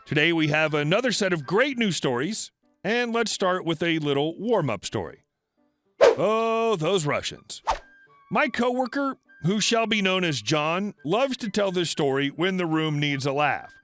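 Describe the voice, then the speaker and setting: A man reading online stories aloud as a scripted narration in a steady storytelling manner. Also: a little high, measured pace. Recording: faint background music.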